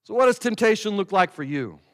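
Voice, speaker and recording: A man preaching as a pastor, talking casually to the congregation and slowing to stress words when he recites a prayer. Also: high voice, lively intonation. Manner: conversational, with slow emphatic prayer recitation. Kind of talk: sermon. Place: church sanctuary. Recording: long hall reverb.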